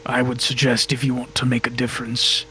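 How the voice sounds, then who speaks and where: A cold, condescending ancient god, as a man puts him on for a tabletop game. His voice is mid-pitched and level, with a faint hum behind it. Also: monotone, fairly quick, pushed and bright, lightly acted, low-quality recording. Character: imperious ancient male god of the court.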